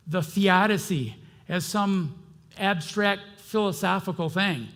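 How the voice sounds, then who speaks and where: A middle-aged male pastor preaching with a gravelly, slightly raised voice. He talks to the congregation in a conversational way. His delivery swings between fervent bursts and hushed asides. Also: high-pitched, slow. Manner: impassioned, conversational, swings between loud outbursts and quiet asides. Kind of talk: sermon.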